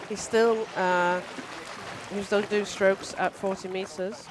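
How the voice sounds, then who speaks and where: A woman commentates live, explaining the athletes' records and backgrounds. Her pitch is ordinary for a woman. Clear background noise from the event runs under her voice. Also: steady tone, a little slow.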